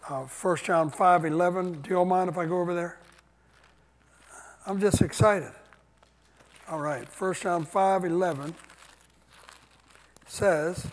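An older male pastor delivers a sermon at an unhurried pace, leaning on key words and calling out to the congregation for responses. His voice sits high for a man. The sound carries a long reverb from the church hall around him. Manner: preaching with call-and-response, emphatic. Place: church sanctuary.

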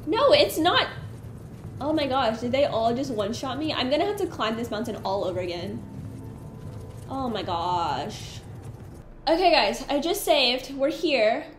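A woman's voice: sits high, big pitch swings, a little slow, roomy sound, soft background music. A woman giving chatty, easily exasperated let's-play commentary while she plays. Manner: chatty, easily exasperated, talks to her companion. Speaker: gaming streamer.

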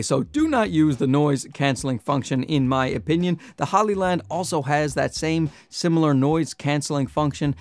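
A nasal, fairly high-voiced man talks through a gear review in a loose, joking way, now and then pushing his voice loud. He's on a clip-on lapel mic, and the sound is dry and close with no room around it. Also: creaky, no room sound. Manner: chatty, joking, loud at times. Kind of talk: casual product review.

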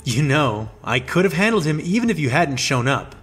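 A man's voice: fairly high pitch, big pitch swings, normal speed, a bit bright, breathy edge, soft background music, heavily acted. A man voicing a young female alien warrior who is firm, commanding and dryly witty.

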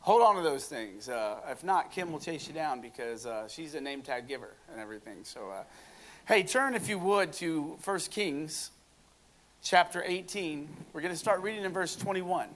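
A man's voice: on the high side, lively intonation, normal speed, fairly bright tone. A man preaching a sermon, reading scripture aloud with jokes and asides to the congregation.

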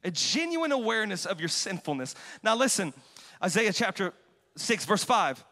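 A man preaching a passionate sermon as pastor, moving from quiet, reflective talk to loud, forceful exhortation. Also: high-pitched, big pitch swings, normal speed. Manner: passionate, swings from quiet to shouting. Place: large church hall. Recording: long hall reverb.

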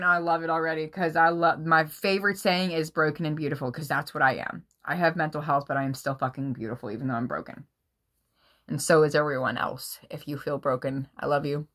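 A woman reading tarot cards for her viewers in a casual, excitable way, swearing freely and often breaking into laughter. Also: low-pitched, moderate pace. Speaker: tarot reader.

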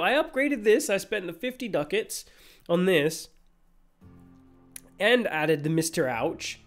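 A man's voice: high voice, lively intonation, slow pace, long pauses, soft background music. A man streaming a game, rambling and joking through casual commentary with many fillers.

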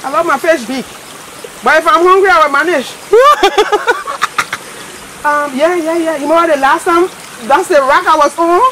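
A woman, vlogging as she walks her farm and talks excitedly to herself and her viewers. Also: very high voice, a little slow. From Liberia. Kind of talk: walking farm vlog. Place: outdoors on a farm by a stream. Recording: noisy outdoor audio with running water.

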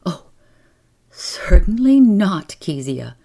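A woman's voice: lowish voice, big pitch swings, slow, creaky, dark tone, voice pushed up, exaggerated voice. A woman voicing a stern mother brushing off her daughter, in a storybook reading. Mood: firm. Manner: curt, firm.

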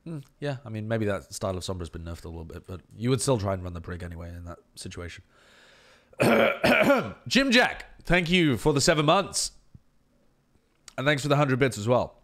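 A man's voice: medium pitch, big pitch swings, normal speed, fairly bright tone. A man doing live-stream match analysis, blunt and profane, ranting at length and answering viewer chat.

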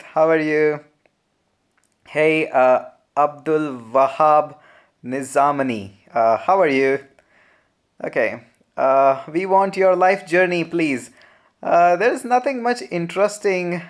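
A young man with an Indian English accent answering viewer questions in a relaxed, chatty live Q&A, full of "uh" fillers. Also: a little high. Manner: relaxed, chatty, frequent "uh" fillers, laughs often. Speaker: programming channel host. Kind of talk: live Q&A, reading viewer comments.

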